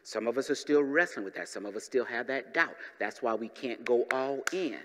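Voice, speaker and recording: A man preaching a sermon as pastor, lively and humorous, tossing asides to the congregation. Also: medium pitch, normal speed, big-room sound, background noise.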